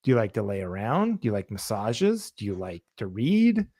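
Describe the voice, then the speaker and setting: A man co-hosting a casual comedy podcast, telling stories with energy and jumping into a higher voice to act out what other people say. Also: normal speed, breathy edge. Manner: animated storytelling, acts out others' lines in a higher voice. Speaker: podcast co-host.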